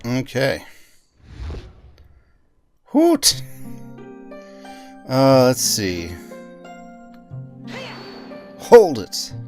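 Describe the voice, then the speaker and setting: Guy doing a confused young lawyer, kinda hesitant, lively voice. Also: mid-range voice. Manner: bemused, hesitant. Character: young male defense lawyer hero.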